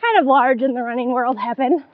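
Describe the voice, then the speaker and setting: A woman co-hosting a casual running podcast, easygoing and quick to laugh along, with brief replies. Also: high voice, no room sound, phone-quality sound. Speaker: podcast co-host. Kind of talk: casual chat.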